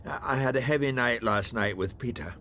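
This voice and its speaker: An older man with a Scottish accent, narrating and acting in a scripted radio comedy with dry, deadpan delivery. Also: medium pitch, fairly quick, slight background noise. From Scotland.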